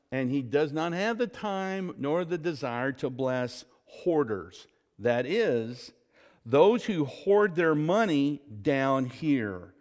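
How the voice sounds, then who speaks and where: A man preaching a sermon as pastor, telling stories with emphatic, drawn-out stresses and saying "y'all". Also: a little high, long reverb tail. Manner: Southern "y'all".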